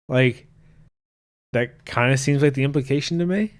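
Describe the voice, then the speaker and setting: A man's voice: mid-range voice, moderate pace. A man hosting a casual podcast, ranting and joking crudely while reading his live chat. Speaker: podcast host.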